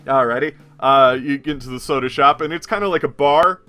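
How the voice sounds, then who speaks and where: A man's voice: medium pitch, a little fast, pushed and bright. A man running a tabletop role-playing game as game master, rambling with many fillers and frequent laughs.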